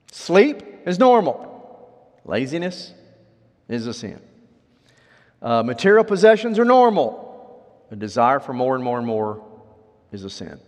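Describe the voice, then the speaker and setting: A man delivers an animated sermon in a voice of middling pitch that climbs high and drops low as he preaches. He acts out imagined objectors in a raised tone, then settles into quiet, low endings. The sound carries a long hall reverb. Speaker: pastor.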